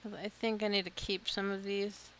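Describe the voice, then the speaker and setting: A woman's voice: medium pitch, flat delivery, moderate pace, fairly bright tone, slight background noise. A woman giving casual commentary while playing a video game, muttering to herself and poking fun at herself for getting lost. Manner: self-deprecating, muttering to herself, nervous laughter. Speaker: gaming streamer.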